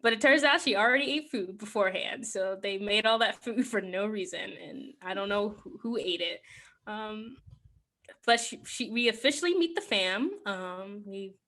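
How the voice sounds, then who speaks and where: A woman's voice: mid-range voice, normal speed, bright, forceful tone. A woman hosting a podcast, chattily recapping a movie plot, laughing often and filling with "like". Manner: chatty, giggly, heavy on "like". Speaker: podcast host.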